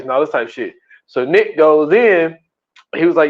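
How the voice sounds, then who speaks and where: A man's voice: on the high side, fairly quick, lo-fi sound. A man co-hosting a casual movie podcast, acting out scenes with lots of laughter. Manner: animated storyteller who acts out scenes and laughs a lot. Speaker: podcast co-host. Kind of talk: casual movie-review chat.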